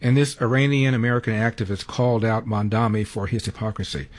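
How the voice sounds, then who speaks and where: A man anchoring the news, giving brisk, pointed lead-ins. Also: lowish voice, steady tone. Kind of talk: news introduction.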